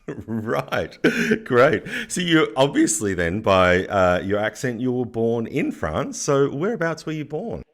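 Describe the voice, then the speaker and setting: A man's voice: mid-range voice, big pitch swings, slow. A man from Australia hosting a food podcast, presenting and interviewing in an upbeat, enthusiastic way. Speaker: podcast host.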